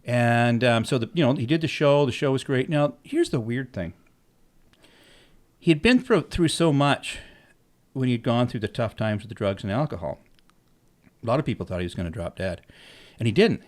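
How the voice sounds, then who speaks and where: A man's voice: mid-range voice, moderate pace, pauses often. A middle-aged man casually telling stories on his podcast, acting out the dialogue and swearing freely. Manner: animated, acts out quoted dialogue, swears freely. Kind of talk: casual storytelling.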